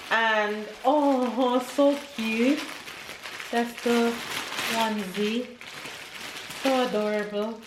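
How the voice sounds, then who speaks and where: A woman vlogging casually as she unboxes gifts, gushing and emotional. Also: fairly high pitch. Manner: gushing, emotional, near tears. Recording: echoey room with faint noise.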